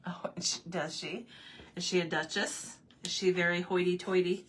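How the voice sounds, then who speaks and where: A woman's voice: on the low side, steady tone, normal speed, a bit bright, slight background noise. A woman chatting casually with her livestream viewers while she paints at home, answering their comments and laughing often. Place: home room with desk.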